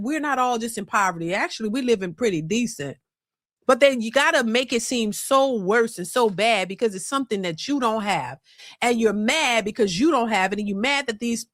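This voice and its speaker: A woman's voice: fairly high pitch, fairly bright tone, no echo. Emphatic woman reaction host, dry sound. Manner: emphatic, repetitive, rhetorical questions. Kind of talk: opinionated commentary.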